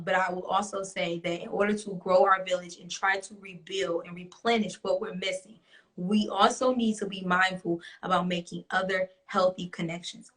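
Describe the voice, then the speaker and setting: A woman's voice: on the low side, bright, forceful tone. A young woman hosting a talk show, chatting bluntly with an audience, swearing freely and laughing often. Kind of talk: casual chat to a live audience.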